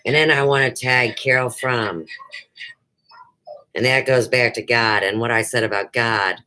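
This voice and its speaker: Slow, rambling middle-aged woman host. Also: rumbling low, fairly even intonation, bright, forceful tone, poor audio. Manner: rambling, jumps between topics. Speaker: livestream show host. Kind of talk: unrehearsed casual livestream chat.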